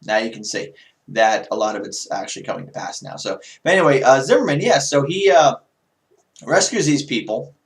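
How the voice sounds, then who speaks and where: Rambling, sarcastic man with a lively voice. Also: medium pitch, brisk, vocal fry. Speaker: YouTube talk show host. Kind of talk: casual political commentary monologue.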